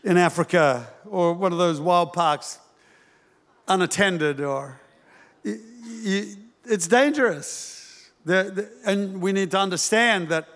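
A male pastor preaching a sermon in an animated, humorous way, acting out the voices of parents. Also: high-pitched, big-room sound.

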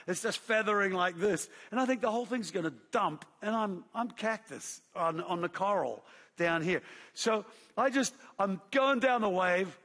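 A middle-aged man, a pastor telling a lively story in a sermon, acting out his own shouts and quotes. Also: high-pitched. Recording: long hall reverb.

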